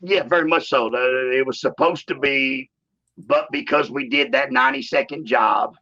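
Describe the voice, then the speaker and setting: A man, telling stories in a shoot interview in a drawling, animated way and saying "man" often. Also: moderate pace. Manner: animated storyteller, acts out quotes in a higher voice. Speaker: interview guest, former wrestler. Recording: dull lo-fi sound.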